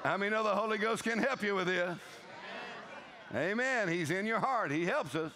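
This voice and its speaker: A man's voice: high-pitched, normal speed, noisy background. A male pastor, preaching a humorous sermon and telling stories with playful voices and laughter.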